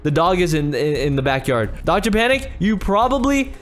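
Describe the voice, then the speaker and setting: Brief: high-voiced young man hosting a game roleplay, frantic and stammering. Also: very animated, normal speed. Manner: frantic, stammering, repeats phrases. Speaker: roleplay host.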